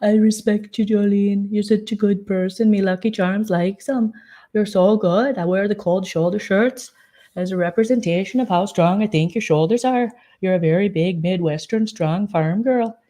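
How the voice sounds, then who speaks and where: A fawning female fan with a strange, put-on accent, gushing flattery in a raised, brighter-pitched voice, as a woman vlogger puts her on. The voice sits higher and louder than the performer's own talk. The tone stays soft and mellow. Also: moderate pace, natural voice.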